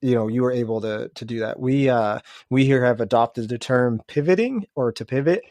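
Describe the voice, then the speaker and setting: A man hosting a relaxed podcast interview, his mid-pitched voice with a gravelly edge. He reflects on what the guest said and encourages her. The recording is close and dry. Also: moderate pace, no echo. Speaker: podcast host. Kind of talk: casual interview chat.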